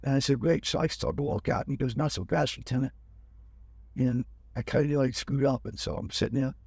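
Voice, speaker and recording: A man's voice: mid-range voice, fairly even intonation, fast, creaky, darkish tone, husky, no room sound. An older man telling a rambling personal story in casual talk, acting out the people he quotes. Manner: rambling, acts out quoted officers. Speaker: guest telling his life story.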